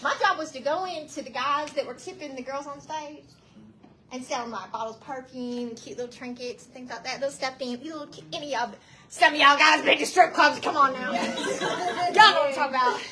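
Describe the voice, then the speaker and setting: A woman's voice: high-pitched, a little fast, pushed and bright. A woman in her fifties with a Southern US accent, telling her testimony to a church crowd, laughing often and talking straight to her listeners. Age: 50s. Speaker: guest speaker giving a testimony.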